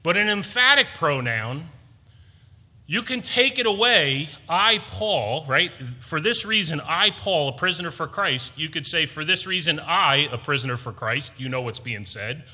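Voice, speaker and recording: A male pastor preaches a sermon emphatically and with animation, tossing playful asides to the congregation. His pitch is fairly high, his pace measured, and the audio has a big-room sound.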